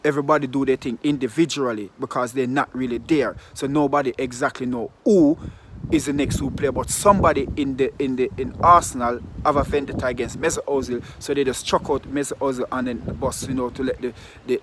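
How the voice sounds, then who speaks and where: A man's voice: medium pitch, fairly even intonation, fast talker, noisy background. A man, venting in a heated football vlog full of swearing and repeated rhetorical questions. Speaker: football fan vlogger. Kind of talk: ranting vlog.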